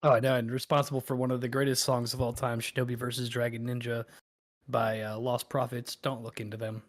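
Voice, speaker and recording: A man's voice: mid-range voice, level tone, fairly quick. A man co-hosting a podcast, bantering in an easygoing, jokey way. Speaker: podcast co-host. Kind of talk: casual banter.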